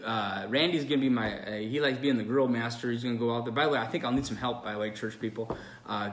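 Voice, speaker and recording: A man's voice: medium pitch, a bit bright, a little hiss or hum. Male pastor, earnest and rambling, unscripted address recorded in an echoey room. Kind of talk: unscripted video message.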